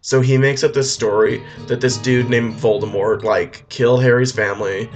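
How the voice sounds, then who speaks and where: Offhand rambling male storyteller, loose comic retelling, soft music under. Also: medium pitch, fairly even intonation, normal speed, muffled recording. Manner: rambling, offhand, with filler restarts.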